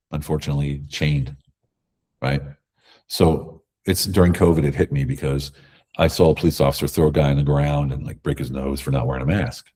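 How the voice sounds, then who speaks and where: Deep-voiced guest, husky and dark, emphatic storyteller. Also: male voice. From America. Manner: emphatic, animated storytelling with acted quotes. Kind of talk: conversational interview.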